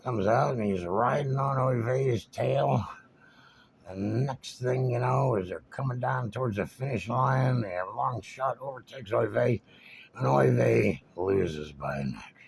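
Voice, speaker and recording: A man's voice: mid-range voice, slow, gravelly, slight background noise. A man telling a casual anecdote in a wry, meandering, conversational way. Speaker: storyteller.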